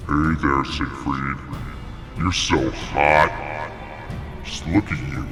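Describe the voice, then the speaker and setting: A man putting on a crude, flirting deep-voiced man who talks in a slow, leering way. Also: steady tone, in a large hall, over music.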